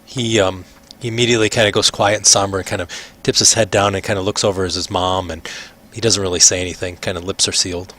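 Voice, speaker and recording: A man running a tabletop game as game master, narrating in a relaxed, hesitant way full of fillers. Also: deep voice, fast.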